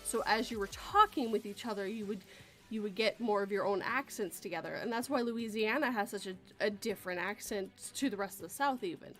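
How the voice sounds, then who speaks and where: A woman's voice: mid-range voice, brisk, a bit bright, soft background music. A woman from Western Canada hosting a casual chat, talking in a rambling way and laughing often. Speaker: host.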